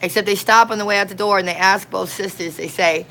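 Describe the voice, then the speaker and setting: A woman street minister in casual, slangy storytelling, folksy and animated. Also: mid-range voice, fast talker, a little hiss or hum, low-quality recording.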